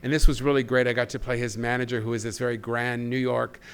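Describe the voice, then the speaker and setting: A man in his fifties, a guest actor and comedian, telling stories on a talk show in an animated, self-mocking way. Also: mid-range voice, fast, smooth. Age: 50s. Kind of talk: casual talk show interview.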